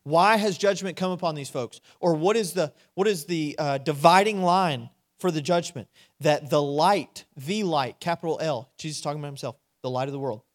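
A male preacher with a slightly high voice delivers a sermon. He keeps asking his listeners direct questions and moves between quiet, intimate stretches and loud, emphatic surges. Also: normal speed. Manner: dynamic, swings from hushed to loud and emphatic; asks the audience direct questions.

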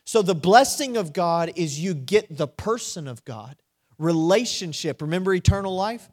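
A male preacher with a slightly high voice delivers a sermon. He keeps asking his listeners direct questions and moves between quiet, intimate stretches and loud, emphatic surges. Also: lively intonation, moderate pace. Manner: dynamic, swings from hushed to loud and emphatic; asks the audience direct questions.

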